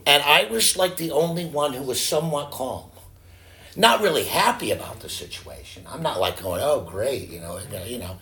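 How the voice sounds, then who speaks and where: A man's voice: fairly high pitch, very animated, normal speed, pushed and bright. A man preaching as a pastor, telling a story in a conversational way with frequent restarts. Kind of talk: storytelling sermon.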